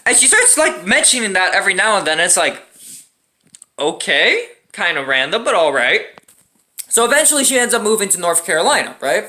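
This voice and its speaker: A young man tells a storytime rant with an animated, swinging delivery. His voice is bright and forward. He curses freely and keeps punctuating his points with a questioning "right?". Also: high voice, fairly quick.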